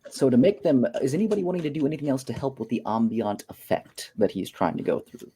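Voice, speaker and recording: A man's voice: mid-range voice, big pitch swings, fast, warm tone, slight background noise. A man acting as game master of a tabletop game, easygoing and encouraging with his players.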